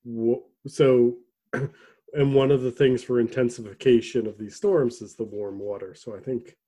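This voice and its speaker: Man, warm husky voice, casual podcast chat, rambling. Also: medium pitch, fairly even intonation, unhurried. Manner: rambling, restarts and throat clearing. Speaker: podcast co-host.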